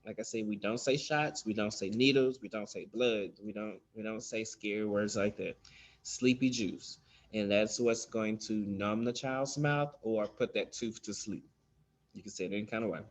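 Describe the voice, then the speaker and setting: A man's voice: lowish voice, normal speed. A man giving a casual spoken lesson on dental terms, loose and chatty with many fillers, acting out how children and staff talk. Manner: loose and conversational, many ums, acts out kid talk. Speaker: dental instructor.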